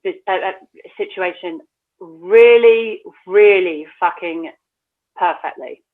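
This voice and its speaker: A woman's voice: fairly low pitch, takes it slowly. A woman co-hosting a casual reality TV podcast, candid and sweary, sharing strong opinions. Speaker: podcast co-host. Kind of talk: casual chat. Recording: tinny phone-like line.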